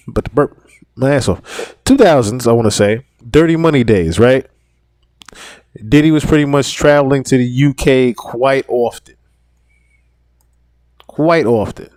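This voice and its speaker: A man's voice: medium pitch, a little mellow, dry recording. A man in his thirties hosting a podcast solo, rambling and swearing as he comments. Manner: rambling, profane, repeats himself. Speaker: podcast host.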